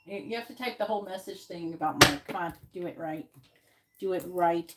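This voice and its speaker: A woman runs a live tarot reading in a blunt, defensive way and swears freely. While she shuffles she repeats her questions over and over in a chanting rhythm. Loud constant noise sits under her voice. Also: lowish voice, fairly quick. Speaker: tarot reader.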